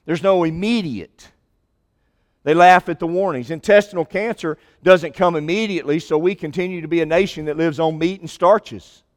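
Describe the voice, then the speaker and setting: A man preaching a sermon with an emphatic, repetitive cadence, slowing down to stress key lines. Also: a little high. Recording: long hall reverb.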